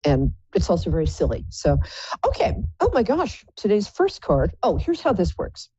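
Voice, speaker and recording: A woman's voice: on the low side, wildly swooping pitch, moderate pace, mellow, husky, no room sound, lo-fi sound. A woman hosting a live psychic call-in show, chatting in a playful, rambling, self-mocking way. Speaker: psychic radio show host.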